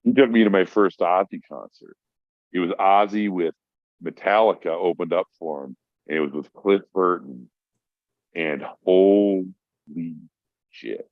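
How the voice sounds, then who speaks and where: Low-voiced profane male storyteller. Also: unhurried, no echo. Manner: profane, rambling, acts out voices in his stories. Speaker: podcast guest. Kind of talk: casual storytelling. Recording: dry, dull lo-fi audio.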